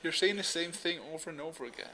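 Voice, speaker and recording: A young man co-hosts a gaming podcast and sounds laid-back. He delivers his lines in a flat, monotone manner, with a voice pitched a touch above average. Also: fast talker. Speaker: podcast co-host. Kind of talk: casual podcast chat.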